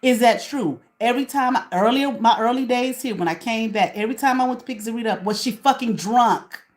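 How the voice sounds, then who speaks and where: A woman's voice: a little high, a little fast. Profane woman ranting to camera. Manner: profane, confrontational, asks herself questions. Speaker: channel host.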